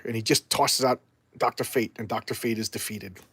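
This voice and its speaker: A man's voice: medium pitch, steady tone, brisk, fairly bright tone, husky, no room sound. A man chatting casually and enthusiastically as a comics vlogger, rambling with restarts. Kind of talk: casual chat.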